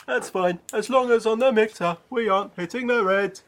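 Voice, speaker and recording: A man's voice: high voice, moderate pace, a bit bright. A man co-hosting a podcast, grumbling and swearing in casual banter. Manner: grumpy, sweary. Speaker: podcast co-host.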